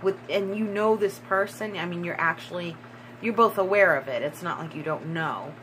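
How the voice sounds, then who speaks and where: A woman giving a tarot reading in a slow, musing way, repeating herself and breaking into excited bursts. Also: fairly low pitch, slight background noise, rough recording. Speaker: tarot reader.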